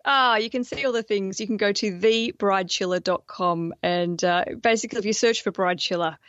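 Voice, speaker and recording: A woman's voice: mid-range voice, no room sound. Chatty Australian woman on a dull line. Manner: chatty and animated, with quick put-on voices. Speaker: podcast guest being coached. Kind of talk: casual chat.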